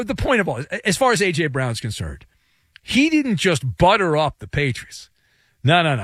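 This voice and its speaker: Sarcastic sports radio man, lively pitch. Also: dry recording, clean studio sound. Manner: sarcastic, joking, lively delivery. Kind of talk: opinionated sports radio monologue. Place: radio studio.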